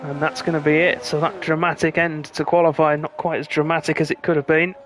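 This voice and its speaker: A man commentating live on an online racing stream, calling the action in a brisk play-by-play manner. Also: a little high, over music. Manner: brisk play-by-play, rising excitement at close finishes. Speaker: lead commentator.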